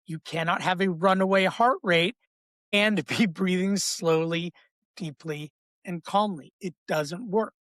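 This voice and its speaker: A man who works as a breathwork coach, explaining in a podcast interview with an emphatic, repetitive teaching cadence and an animated delivery. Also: sits high, no echo. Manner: animated, acts out inner voices.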